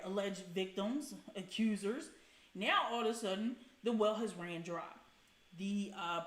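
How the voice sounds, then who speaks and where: Hosting a casual livestream, this woman is chatty, blunt, and profane, calling out viewers by name. She speaks at a normal speed with medium pitch and lively intonation, in a reverberant space.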